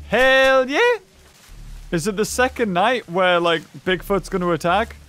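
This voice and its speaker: A man giving excitable gameplay commentary, laughing often and yelping at jump scares. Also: extremely high pitch. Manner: excitable, laughs a lot, yelps and shouts at scares. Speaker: gaming YouTuber.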